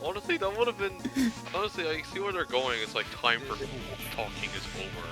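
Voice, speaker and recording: A man reacting with jokes on a gaming stream, music playing clearly behind him. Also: on the high side, huge pitch swings, brisk. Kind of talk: casual gaming stream chat.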